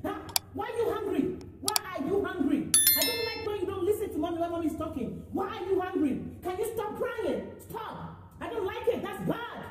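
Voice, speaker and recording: A woman's voice: very high voice, animated, fairly quick, pitched above the performer's own voice. Woman playing a fed-up scolding mom. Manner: scolding, repeating herself. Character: exasperated mother scolding her child. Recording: very echoey, far from mic, noisy.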